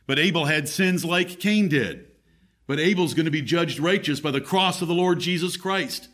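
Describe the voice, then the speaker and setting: A man's voice: fairly high pitch, moderate pace, fairly bright tone. A man preaching a sermon as pastor in a church, emphatic, his voice rising and falling.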